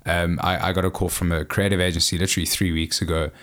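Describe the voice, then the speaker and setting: A man with a very low voice, talking as a guest voice artist in a casual interview. He tells his stories in an animated way, stumbling and restarting phrases as he goes. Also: fast talker. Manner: animated storyteller with many restarts.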